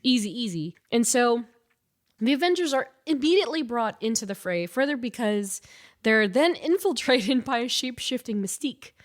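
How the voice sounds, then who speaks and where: Co-host: stuffy-nosed woman, lively storyteller, laughs a lot, casual. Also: on the high side, moderate pace. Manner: animated storytelling, laughs often. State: stuffy nasal. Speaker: podcast co-host. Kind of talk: casual chat.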